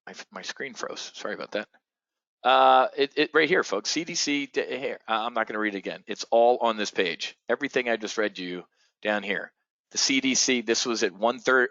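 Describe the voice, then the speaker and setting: A man hosting a live trading webinar, talking excitedly to his audience, swearing and calling them folks. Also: medium pitch, no room sound, lo-fi sound.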